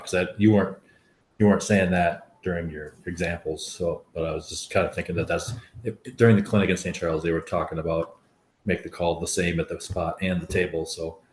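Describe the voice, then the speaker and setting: A man's voice: deep voice, a little mellow. A man, a new basketball official, asking hesitant questions in a training session and restarting his sentences. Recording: roomy, distant sound.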